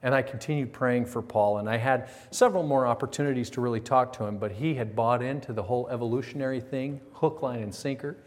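A man's voice: mid-range voice, quick pace, few pauses. A man preaching a sermon, telling a story with acted quotes and rhetorical questions. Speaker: pastor. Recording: long reverb of a large hall.

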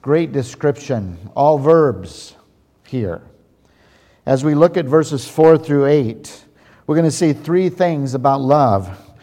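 A man preaching a sermon as pastor, reading and explaining slowly and deliberately, stressing key words. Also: on the high side, animated, dark tone. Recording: long hall reverb.

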